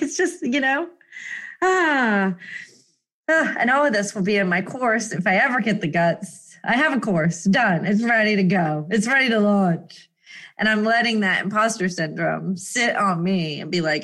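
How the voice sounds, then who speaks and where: A woman's voice: medium pitch, animated, moderate pace, a bit bright. A woman hosting a solo motivational podcast, talking in an effusive, emotional way with frequent laughter and repeated exclamations. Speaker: podcast host.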